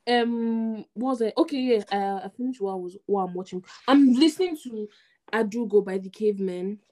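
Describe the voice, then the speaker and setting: A young Nigerian woman co-hosting a casual podcast chat, telling stories in a relaxed way with pidgin words mixed in. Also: medium pitch, a little fast. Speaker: podcast co-host.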